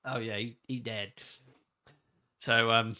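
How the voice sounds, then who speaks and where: A man's voice: mid-range voice, takes it slowly, a loud crowd. A man co-hosting a wrestling podcast, chatting casually and telling stories in a rambling, joking way. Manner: rambling, joking, animated storyteller. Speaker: podcast co-host.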